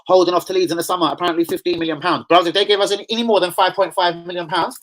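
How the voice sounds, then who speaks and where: A man's voice: sits high, steady tone, rapid-fire, few pauses, fairly bright tone. A man hosting a casual football live stream, rambling and slangy as he answers viewer comments. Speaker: football channel host.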